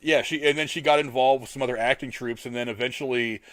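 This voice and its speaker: A man's voice: medium pitch, fast, over a noisy crowd. A man hosting a podcast in casual, rambling chat. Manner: rambling, animated. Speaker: podcast host.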